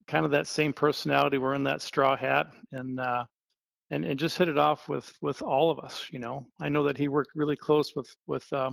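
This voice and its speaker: Gravelly man chatting easily. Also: medium pitch, no echo. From Wisconsin. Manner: relaxed, rambling with many fillers. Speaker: interview guest, sign painter. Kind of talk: casual phone-style interview.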